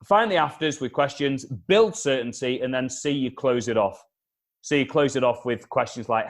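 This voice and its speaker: A man, a communication consultant, giving animated advice in an interview, repeating his key points and acting out past conversations. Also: mid-range voice, normal speed. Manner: energetic, repeats key points, acts out dialogue. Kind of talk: animated advice with acted-out anecdotes.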